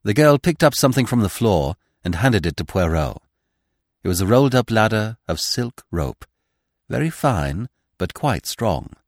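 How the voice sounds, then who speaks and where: A man narrating a classic story in measured, scripted audiobook style. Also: on the low side, very animated, dry recording, studio quality. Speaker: podcast narrator.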